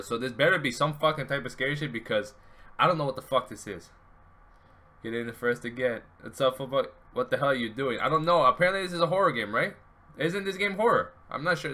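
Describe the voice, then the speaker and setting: Rambling in frustration and cursing, a young gaming streamer chats with his audience and friends during casual live commentary. The man speaks at medium pitch in a pushed, bright voice.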